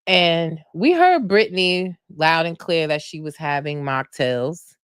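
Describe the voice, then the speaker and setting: A woman hosting a casual reality TV recap, animated, laughing and loudly mimicking cast members. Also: sits low, a little slow, smooth, dry recording, studio quality. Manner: animated storytelling with frequent laughs and loud mock-quotes. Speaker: podcast host recapping reality TV.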